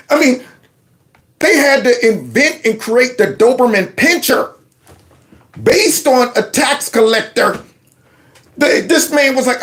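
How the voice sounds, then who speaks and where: Animated man mocking news clips. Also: very high voice, takes it slowly, pauses often. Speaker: channel host. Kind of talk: reaction commentary on news clips.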